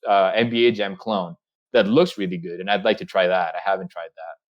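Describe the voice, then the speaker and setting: A man's voice: low-pitched, steady tone, a little fast. A young man rambling through a casual podcast chat with friends, full of fillers and restarts. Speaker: podcast co-host. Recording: muffled lo-fi mic.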